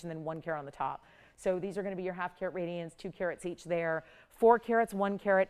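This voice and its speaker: Smooth, low-voiced woman selling jewelry live. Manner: chatty, upbeat sales patter. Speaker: home shopping host. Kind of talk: live TV shopping sales pitch.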